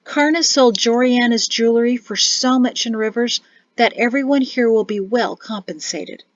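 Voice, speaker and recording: A woman's voice: on the high side, moderate pace, no echo, lightly acted. A woman reading an audiobook, voicing a brave mother who speaks firmly and takes charge. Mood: worried. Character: firm, brave mother and wife. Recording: dull, dry recording.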